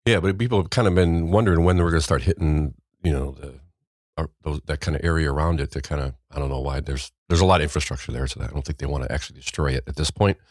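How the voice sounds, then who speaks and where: A deep-voiced man hosts a casual news podcast, wandering through stories with a wry, offhand humor. He often trails off mid-sentence. His voice sits close to a dry, dead mic. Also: rapid-fire, darkish tone, no echo. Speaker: podcast host.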